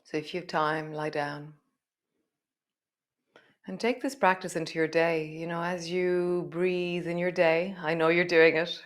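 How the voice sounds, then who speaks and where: A woman guiding a live yoga class, chatty and relaxed, laughing at herself. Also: on the low side, measured pace. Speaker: yoga teacher.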